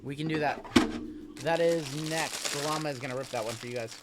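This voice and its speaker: A man's voice: fairly high pitch, normal speed, heavy background noise. A man hosting a live card-break stream in a casual, chatty way. He rattles off long lists of names and teams and answers chat as he goes.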